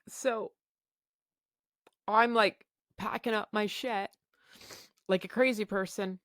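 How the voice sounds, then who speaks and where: A woman's voice: medium pitch, fairly even intonation, slow pace, long pauses, a bit bright, dry recording, clean studio sound. A middle-aged woman hosting a podcast, telling a personal story candidly and emotionally, swearing freely and acting out her own thoughts. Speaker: podcast host.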